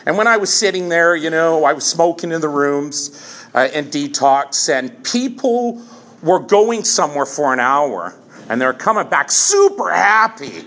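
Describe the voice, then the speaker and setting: A man in his fifties telling his own recovery story from the front of a meeting room, candid and halting, often restarting and repeating phrases. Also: a little high, big pitch swings, fairly bright tone. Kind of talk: personal testimony at a recovery meeting.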